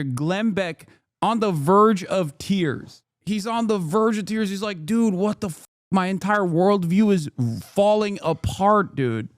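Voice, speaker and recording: A man hosting a live stream, giving profane, excitable and mocking political commentary. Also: sits high, no echo, clean studio sound. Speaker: streamer host.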